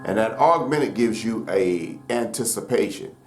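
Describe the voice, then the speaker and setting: A man teaching gospel piano in a relaxed, folksy way, with many fillers and loud piano under his talk. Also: lowish voice, unhurried. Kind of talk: casual piano lesson. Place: room with piano. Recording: roomy echo over loud piano.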